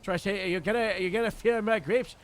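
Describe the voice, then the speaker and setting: A man's voice: high voice, brisk. A man roleplaying a police lieutenant, hesitant and full of fillers as he explains things in character. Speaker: streamer playing a police lieutenant.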